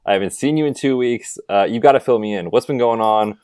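A man's voice: medium pitch, fairly quick, darkish tone, clear, resonant tone, dry recording, clean studio sound. A man co-hosting a fantasy football podcast, chatting casually in an upbeat, conversational way. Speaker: podcast co-host. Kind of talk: casual sports chat.

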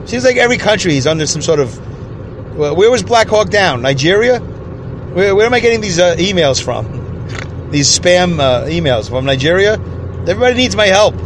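A man's voice: high-pitched, big pitch swings, moderate pace, background noise. Rambling, joking American man in a car. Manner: rambling, joking, chuckles often. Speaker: podcast host. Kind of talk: solo comedic monologue podcast. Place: alone in a parked car.

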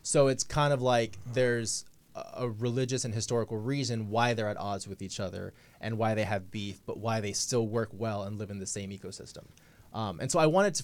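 A man talking about his novel as a guest on a radio talk show, chatty and animated, acting out his own thoughts. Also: fairly low pitch. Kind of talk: casual talk-show chat. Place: radio studio.

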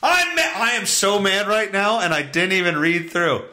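A man hosting a podcast, ranting profanely and bursting into yells while reading an article aloud. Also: sits high, normal speed. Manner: profane, loud, bursts into yelling. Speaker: podcast host. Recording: echoey room.

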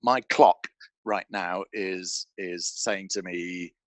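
A man talking as a podcast guest, telling an animated story and restarting phrases with repeated words. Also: deep voice, slow pace, no room sound. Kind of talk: conversational interview storytelling. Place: indoor studio with a mic.

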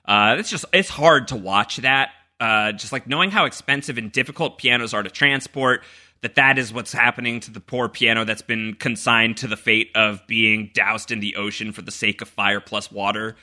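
A man's voice: on the low side, normal speed, pushed and bright. A man hosting a podcast in casual chat, rambling with many fillers and restarts. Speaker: podcast host.

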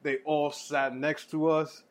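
A man co-hosting a podcast, telling an animated, profane story full of laughter in casual chat. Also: a little high, slow.

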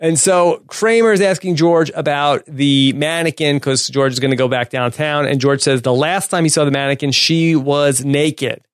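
A man's voice: a little high, normal speed, few pauses, smooth, no room sound, clean studio sound. A man co-hosting a podcast, casually recapping an episode's scenes and chuckling along with his co-host. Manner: relaxed, recapping scenes with easy laughs.

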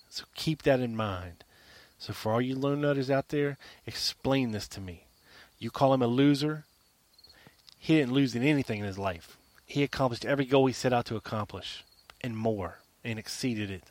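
A man hosts an argumentative solo podcast, pushing his point with emphatic repetition and rhetorical questions. He speaks in a mid-pitched voice at a measured pace, pausing often, recorded dry and close with no room echo.

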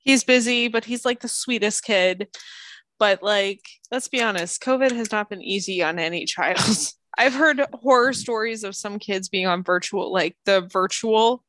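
A woman in her thirties co-hosting a podcast over a remote call, chatting casually and telling stories with lively acted-out voices. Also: mid-range voice, a little slow, dry recording. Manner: animated storyteller, acts out voices, laughs often. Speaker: podcast co-host. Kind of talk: casual chat. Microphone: headphones over a video call.

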